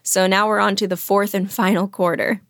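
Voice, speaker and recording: A woman co-hosting a podcast, filling in plot details in relaxed, casual chat. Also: medium pitch, fairly quick, no echo, clean studio sound. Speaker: podcast co-host. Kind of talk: casual chat retelling a novel.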